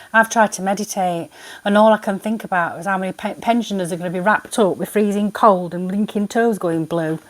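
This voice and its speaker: A woman tarot reader ranting to camera in a vlog. She sounds indignant and exasperated, rambling as she goes. Her voice sits at an ordinary middle pitch.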